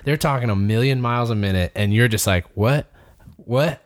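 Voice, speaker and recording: Profane, animated man. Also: lowish voice, fast, no room sound, studio quality. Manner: profane, animated storytelling with mimicked quotes. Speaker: podcast co-host. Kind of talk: casual chat.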